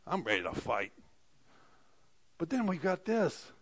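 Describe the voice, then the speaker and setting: Pastor, male, higher-pitched voice, passionate sermon delivery with loud peaks and hushed asides. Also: sing-song, a little slow, long pauses, breathy edge. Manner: impassioned preaching with frequent amens, swings loud and soft.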